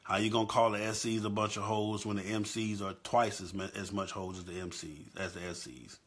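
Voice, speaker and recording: A man's voice: fairly low pitch, level tone, a little fast, slightly rough. A middle-aged man hosting a live-stream talk, impassioned and swinging between choked-up and fired-up. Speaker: show host.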